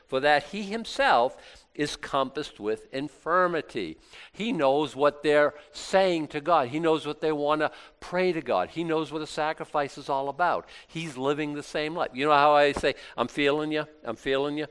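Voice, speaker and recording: A man's voice: fairly high pitch, fairly bright tone, clear, resonant tone. A middle-aged man preaching a casual, conversational sermon, acting out little asides and laughing now and then. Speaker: pastor.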